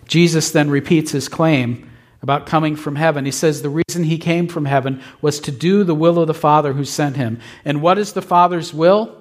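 A man's voice: a little high, moderate pace. A male pastor preaching a sermon with emphatic repetition, often checking in with his listeners. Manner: emphatic, asks the congregation "right?".

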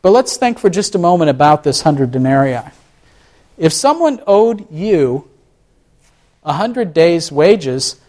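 Guy preaching, kinda high voice, lots of rhetorical questions, restarts a lot. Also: big pitch swings, a little slow, a little mellow. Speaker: pastor. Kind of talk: sermon.

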